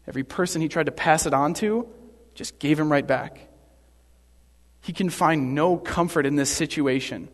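A man's voice: on the high side, moderate pace, long reverb tail. A man preaching a sermon in an earnest, explanatory way.

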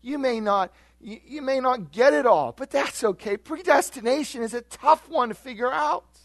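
A man voicing a kindly, gentle Jesus who speaks softly and reassuringly. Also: very high-pitched, lively intonation, normal speed, no echo, studio quality, voice pushed up.

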